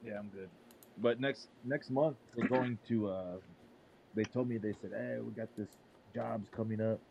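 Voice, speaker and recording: Low-voiced blunt man telling stories. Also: fairly even intonation, normal speed, vocal fry, muffled recording. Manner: blunt, profane storytelling. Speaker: podcast co-host. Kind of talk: casual group chat. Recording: faint background noise.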